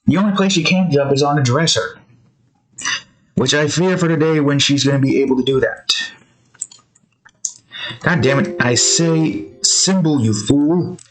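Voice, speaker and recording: A man's voice: a little high, unhurried, long pauses, a little hiss or hum, low-quality recording. Young man, casual rambling monologue, loose and offhand, vlogging while he draws. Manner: rambling, loose, wanders between topics and scolds his cat. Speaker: art vlogger.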